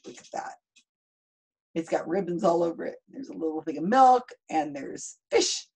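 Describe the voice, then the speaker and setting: A woman's voice: on the low side, lively intonation, moderate pace, a little mellow, low-quality recording. A woman in her fifties reading a children's book aloud, stopping for chatty asides about the pictures. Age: 50s. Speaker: storybook reader.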